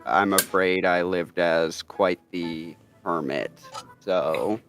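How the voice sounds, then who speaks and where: A man voicing a serious hermit character, slightly deeper and scratchier than his own voice. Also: slow, music in the background. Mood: apologetic.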